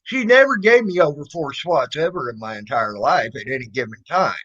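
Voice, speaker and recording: A man's voice: on the high side, animated, fairly quick, fairly bright tone. A man casually telling a childhood story, rambling and swearing, full of fillers and restarts. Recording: dull lo-fi recording.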